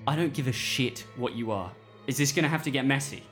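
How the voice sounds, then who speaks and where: A man's voice: medium pitch, expressive, fast talker, a bit bright, faint music behind, close to an everyday voice. A man playing a blunt, swearing human hunter who threatens strangers. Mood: hostile. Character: gruff hostile human hunter, father a shepherd.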